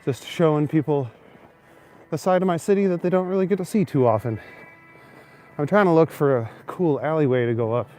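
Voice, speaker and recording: A young Canadian man hosts a relaxed live stream on a phone camera he holds while walking snowy city streets at night, chatting and taking viewers' comments. His voice runs on the high side, mellow and brisk, with frequent pauses over soft background music.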